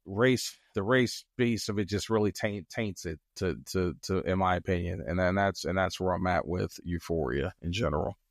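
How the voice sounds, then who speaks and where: A man co-hosting a podcast in casual chat, measured and reflective, with frequent hesitations. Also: low-pitched, no room sound, clean studio sound. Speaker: podcast co-host.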